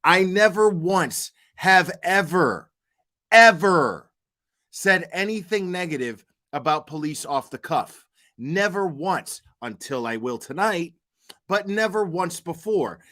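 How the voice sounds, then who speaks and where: A man's voice: sits high, lively intonation, slow pace, pushed and bright. A young man hosting his channel, ranting heatedly and profanely with stammering restarts. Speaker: channel host. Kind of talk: casual vlog rant.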